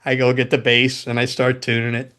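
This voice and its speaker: A man's voice: mid-range voice, monotone, fairly quick, bright, forceful tone. Profane, laughing man spinning road stories. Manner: loose and profane, laughs mid-story, acts out quotes. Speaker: guest, former guitar tech and roadie. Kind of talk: casual anecdotal storytelling.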